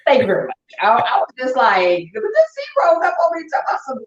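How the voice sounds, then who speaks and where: A middle-aged woman with a St. Louis accent, co-hosting a casual chat and telling playful, animated stories. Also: high voice, a little fast, few pauses, echoey room, muffled recording. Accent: St. Louis, Midwestern US. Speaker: co-host.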